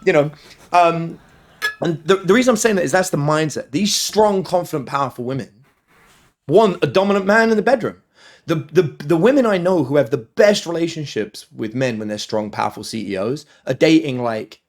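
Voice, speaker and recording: A man, a dating coach guest on a podcast interview, telling stories with lively, acted-out quotes. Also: a little high, normal speed. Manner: animated storyteller, acts out quotes in other voices.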